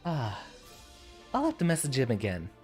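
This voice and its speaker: A man's voice: mid-range voice, huge pitch swings, normal speed, darkish tone, faint music behind. A man streaming a fighting game, chatting and thinking aloud as he plays, now and then laughing. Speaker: VTuber streamer. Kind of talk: live gameplay commentary.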